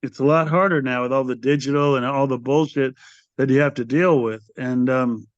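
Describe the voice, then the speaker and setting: A man's voice: medium pitch, moderate pace, dry recording. An older man, a metal band's singer, telling rambling stories in a casual interview and acting out what others said. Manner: animated storyteller, acts out quoted voices. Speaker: guest, metal band singer. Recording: muffled dry podcast audio.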